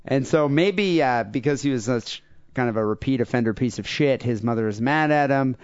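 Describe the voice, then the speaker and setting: A man's voice: mid-range voice, normal speed, dry recording. A man co-hosting a podcast, reading out crime stories and joking crudely about them in a casual chat. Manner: reads news stories aloud with crude jokes. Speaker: podcast co-host. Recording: dull lo-fi podcast audio.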